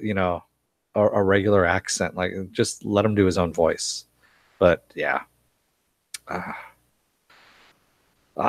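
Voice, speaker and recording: A man's voice: sits low, no echo. A man hosting a casual live-stream recap, reading chat comments aloud, rambling with lots of fillers and chuckles. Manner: rambling, laughs often, many fillers and restarts. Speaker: live stream host reviewing a TV series.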